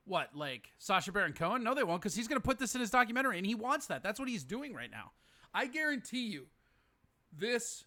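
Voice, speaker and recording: A man's voice: high-pitched, sharp tone. A man hosting a podcast, reacting to a clip in casual, incredulous commentary, laughing and swearing often. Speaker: podcast host. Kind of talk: casual commentary on a viral video.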